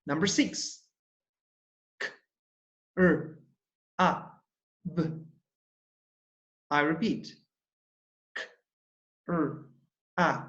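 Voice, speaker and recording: A male teacher speaks very slowly to young pupils, sounding out letters one at a time and repeating every word. His manner stays patient and encouraging. The recording carries the echo of a bare room and sounds a bit muffled. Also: on the high side, a bit bright. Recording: roomy, slightly dull home recording.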